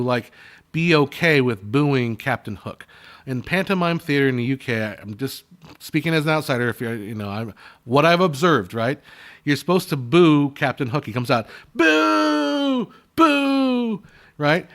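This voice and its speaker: A man of ordinary pitch chats casually with his viewers, answering their questions. He rambles and goes off on asides. He often stumbles and restarts as he gives his blunt opinions. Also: animated, moderate pace, fairly bright tone.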